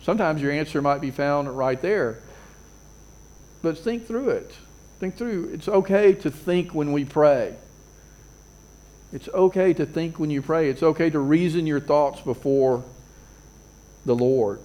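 A man's voice: a little high, a little slow, pauses often, dark tone. A man preaching a sermon as a pastor, earnest, repeating phrases and building emphasis.

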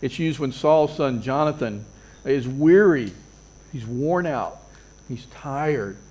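A man's voice: medium pitch, expressive, slow pace, a little mellow, husky. A man preaching a sermon as a pastor, earnest, repeating phrases and building emphasis.

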